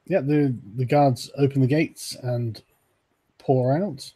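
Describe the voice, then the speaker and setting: Mellow, husky-voiced game master man. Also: mid-range voice. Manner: relaxed, halting narration with fillers and laughs. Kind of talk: narrating a tabletop game.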